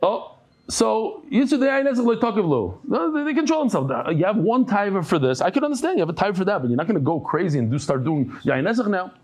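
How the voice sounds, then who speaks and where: This man speaks fast and sits high in pitch as he teaches his daily Talmud session. Stories and jokes pour out, full of restarts, Yiddish words, and playful asides.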